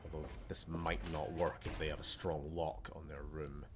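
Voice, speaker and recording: A young Scottish gaming streamer chats casually during gameplay, muttering to himself and swearing under his breath with a sarcastic edge. His voice is extremely low in pitch, his delivery flat, at a moderate pace.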